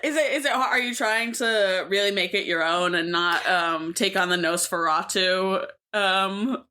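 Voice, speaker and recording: Casting: woman podcast co-host, bright and crisp voice, giggly, agreeable. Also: medium pitch. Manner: agreeable, giggly, quick to laugh. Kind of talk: casual chat.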